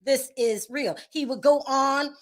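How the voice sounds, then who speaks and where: Female channel host with a high voice, delivering sharp, disbelieving gossip commentary. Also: a little slow. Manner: sassy, exasperated, breaks into laughter.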